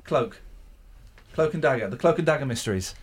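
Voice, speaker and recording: A man calls out charades guesses in a bouncy, swinging voice, teasing and sarcastic between rapid-fire answers. A light hiss sits under the recording in the studio room. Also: mid-range voice, lively intonation. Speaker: studio host running charades. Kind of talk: casual banter during a guessing game.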